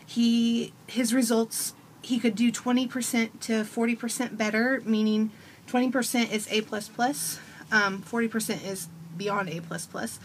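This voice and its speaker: A woman's voice: on the high side, steady tone, unhurried, slight background noise. A woman in her thirties giving a casual testimonial as a parent, telling stories with animation and acting out her child's voice.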